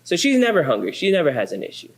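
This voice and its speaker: A man's voice: on the high side, fast talker. A man in his thirties, a pastor, telling funny family stories in a sermon. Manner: animated, self-deprecating, comic. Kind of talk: humorous sermon storytelling.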